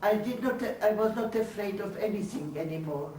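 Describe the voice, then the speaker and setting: Older woman, slow halting testimony, searching for words, echoey room, mic from a distance. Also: medium pitch, dark tone, a little hiss or hum. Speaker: Holocaust survivor giving testimony. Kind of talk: lecture testimony. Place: lecture hall. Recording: roomy hall, voice from far off.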